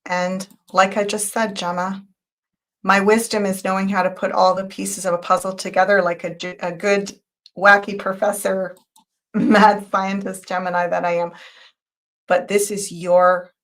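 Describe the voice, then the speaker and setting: A woman hosts a live tarot reading show, addressing viewers in a medium-pitched, level voice. Her talk is emotional, intense and spiritual, guiding them along with quick shifts in loudness.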